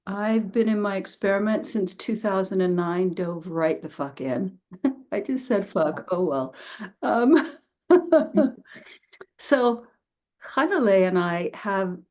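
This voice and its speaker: A woman's voice: on the low side, darkish tone. A woman teacher introducing a class in a chatty, casual way, laughing easily and swearing now and then.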